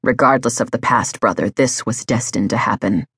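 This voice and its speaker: A brooding male werewolf alpha, put on by a woman reading an audiobook speaks with cold, unyielding command. The voice sits far below her own, husky and heavy. It sounds dry and close, with no room around it. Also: extremely low pitch, moderate pace, fairly bright tone, dry recording, voice pushed down, exaggerated voice.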